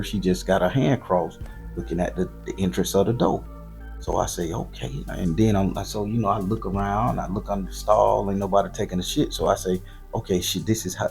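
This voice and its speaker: Gravelly low-voiced Southern man telling a story. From southern Florida. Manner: loose, profane and animated, with slangy repetition. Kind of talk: casual profane storytelling.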